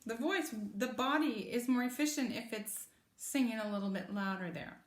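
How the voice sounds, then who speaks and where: A woman's voice: a little high, moderate pace. A woman teaching a singing lesson, patiently explaining and demonstrating vocal sounds. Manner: patient, encouraging, demonstrates with sung vowels and cat meows. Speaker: choir voice teacher. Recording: echoey room with music in the background.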